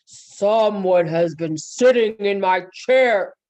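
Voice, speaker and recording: A woman voicing a great big father bear in a slow, booming voice. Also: darkish tone, close to an everyday voice. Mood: gruff.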